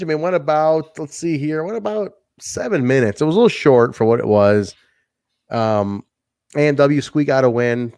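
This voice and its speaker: Man, casual podcast co-host, mid-pitched voice, dry close sound, animated, laughs often. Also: smooth, no echo. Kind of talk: casual wrestling review chat.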